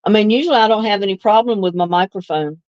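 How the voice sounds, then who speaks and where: A woman's voice: medium pitch, quick pace, darkish tone, no room sound, highs cut off. A woman hosts a casual live stream, chatting easily with viewers and laughing often. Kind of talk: casual live chat answering viewer comments.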